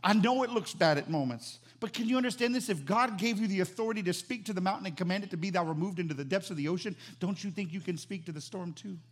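A man preaching a sermon as pastor, animated and emphatic, repeating phrases for emphasis. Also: sits high, quick pace, hardly any pauses.

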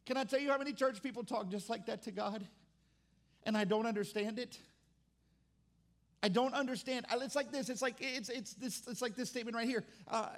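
A man's voice: extremely high pitch, brisk. A man preaching as a pastor, conversational with restarts, mimicking complaining churchgoers. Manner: acts out churchgoers' complaints in mock voices. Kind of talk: sermon.

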